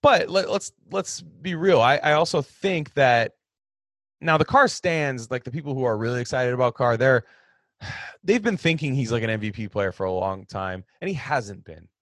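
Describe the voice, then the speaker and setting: A man's voice: medium pitch, expressive, moderate pace, a bit bright, dry recording. A man hosting a casual sports talk show, giving rambling, opinionated takes on football with frequent restarts. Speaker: sports podcast host.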